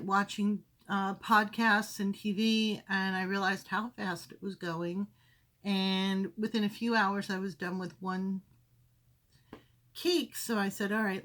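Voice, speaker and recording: Her voice is mid-range, steady and fairly bright, and she's in no hurry. At home in a craft room with windows, she hosts a crafting podcast, chatting casually, rambling and correcting herself as she shows her projects, and she is briefly winded.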